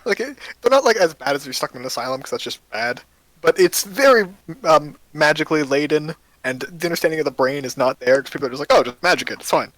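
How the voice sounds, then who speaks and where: A man's voice: on the high side, animated, fast talker, fairly bright tone, poor audio. A man running a tabletop game as game master, narrating casually with many fillers.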